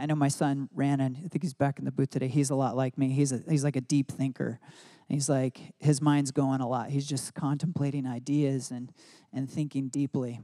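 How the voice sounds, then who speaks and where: A middle-aged man preaching a sermon as pastor, reflective, slowing and softening his voice in devotional passages. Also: mid-range voice, no room sound, clean studio sound.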